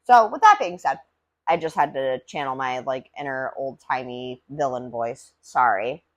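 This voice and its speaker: A woman's voice: rumbling low, expressive, unhurried, fairly bright tone. A woman hosting a casual solo podcast, rambling and chatty with lots of filler words and casual swearing. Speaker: podcast host reviewing cannabis.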